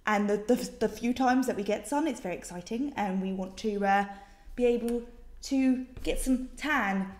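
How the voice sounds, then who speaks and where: A woman's voice: a little high, moderate pace. Sassy British woman vlogging in an echoey room. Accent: British English. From Britain. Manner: sassy, defensive, jokey. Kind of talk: casual vlog answering questions.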